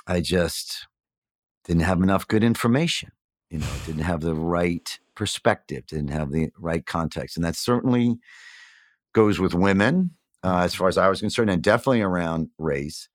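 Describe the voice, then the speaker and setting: A middle-aged man with a low voice speaks in a candid, conversational interview. He is reflective and searches for his words, with plenty of fillers and restarts. The sound is dry and close, with no room around it. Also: animated, moderate pace, dry recording. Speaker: guest.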